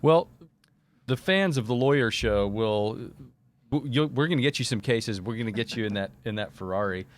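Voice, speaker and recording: A man hosting a live talk show, rambling and animated, repeating words as he builds a point. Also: mid-range voice, moderate pace, no echo.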